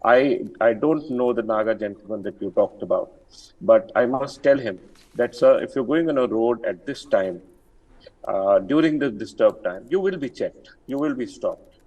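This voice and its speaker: A man's voice: mid-range voice, expressive, normal speed, darkish tone, highs cut off. An older man, an army general speaking as an interview guest, firm and emphatic with many fillers and restarts. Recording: distant from the mic.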